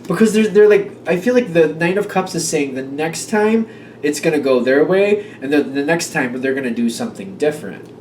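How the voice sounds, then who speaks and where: A man's voice: a little high, lively intonation, moderate pace, a little mellow, roomy sound, distant mic, slight background noise. A man giving a casual tarot reading, thinking aloud and chatty, with many fillers. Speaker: tarot reader.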